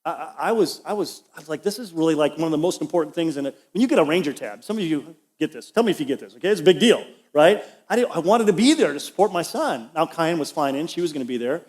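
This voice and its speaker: A man's voice: a little high, lively intonation, fast talker, hardly any pauses, a little mellow. A middle-aged man, a pastor, preaching a conversational sermon and telling a personal story with asides to the congregation. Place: church auditorium.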